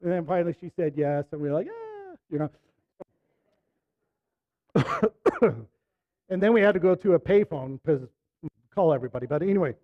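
A middle-aged man preaching a sermon, telling a personal story in a conversational way, dropping to soft asides and rising to emphatic bursts. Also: fairly high pitch, fast talker, dry recording, highs cut off. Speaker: pastor.

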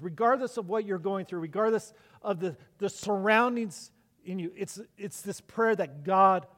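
Middle-aged pastor preaching in a hall. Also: male voice, sits high. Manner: conversational storytelling with many restarts. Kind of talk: sermon. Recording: long echo of a large hall.

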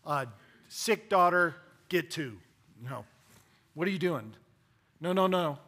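A preacher doing exasperated, impatient followers. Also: male voice, fairly high pitch, animated, slow pace, sharp tone, heavily acted. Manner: casual, exasperated. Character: impatient male followers hurrying their leader.

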